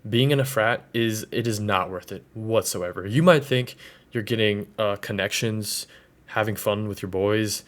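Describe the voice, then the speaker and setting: A man in his twenties ranting casually to the camera about college, slangy and full of fillers. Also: lowish voice. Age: 20s. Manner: loose, slangy, lots of fillers. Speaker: vlogger. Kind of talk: casual rant.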